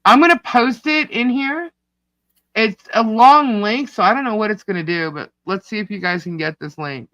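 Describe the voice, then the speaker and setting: A man with a New York accent co-hosting a casual livestream, reading chat comments out loud in a scattered, distracted way. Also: high voice, moderate pace, no room sound, muffled recording. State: hiccups. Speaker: livestream co-host. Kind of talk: casual live-stream chat.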